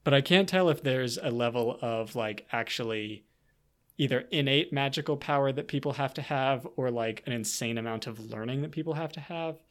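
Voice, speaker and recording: A man in casual podcast conversation about a book, voice sitting at an ordinary middle pitch. He rambles, restarts his sentences and trails into fillers, bursting into sudden animated stretches as he works out his point. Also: moderate pace. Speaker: podcast co-host.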